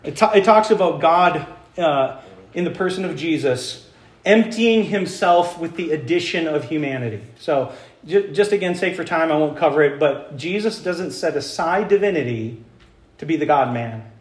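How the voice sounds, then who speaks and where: Man, pastor, sermon, high voice, asks the congregation questions, echoey church. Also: expressive, normal speed. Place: church sanctuary. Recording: echoey room.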